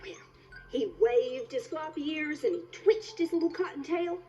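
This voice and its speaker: A young woman storyteller telling a children's tale on a kids' TV show in a playful, expressive, sing-song way. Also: sits high, moderate pace. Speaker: visiting storyteller. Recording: dull TV soundtrack with music.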